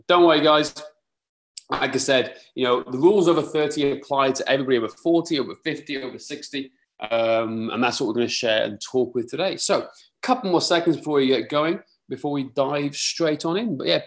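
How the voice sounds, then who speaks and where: Male, 30s, British with a Welsh twang, friendly webinar host, mid-pitched and upbeat. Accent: Welsh-tinged British. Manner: upbeat, chatty, reading out viewer comments. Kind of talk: live webinar chat.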